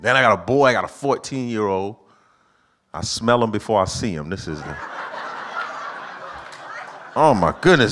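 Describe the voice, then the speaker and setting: Animated middle-aged male stand-up comic. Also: moderate pace, long pauses. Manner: animated storytelling, acting out his own lines in a higher voice. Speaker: stand-up comedian. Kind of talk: stand-up comedy set. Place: church auditorium with live audience.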